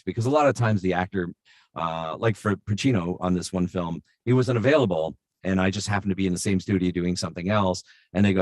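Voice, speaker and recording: A middle-aged man, a voice actor, telling stories in an animated, chatty way with plenty of fillers. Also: low-pitched, quick pace, no echo, clean studio sound. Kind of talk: anecdotal storytelling.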